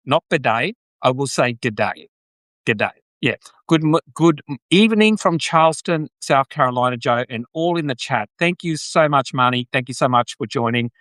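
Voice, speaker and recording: A man's voice: medium pitch, a bit bright, no room sound. An Australian man hosting a live video podcast, chatting casually and greeting viewers in the chat. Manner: chatty, rambling, reads out viewer comments. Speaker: podcast host.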